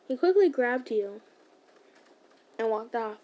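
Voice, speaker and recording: A woman reads a fan story aloud for listeners. Her voice sits high, her reading casual, with slips, restarts and little asides. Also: unhurried, darkish tone. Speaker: ASMR storyteller.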